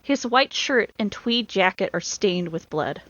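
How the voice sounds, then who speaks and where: Woman, casual gamebook reading, giggly, lively pitch, dry lo-fi sound. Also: a little slow, dry recording. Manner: giggly, often bursting into laughter. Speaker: podcast co-host reading a gamebook aloud. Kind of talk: casual read-aloud of an adventure story. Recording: dull lo-fi sound.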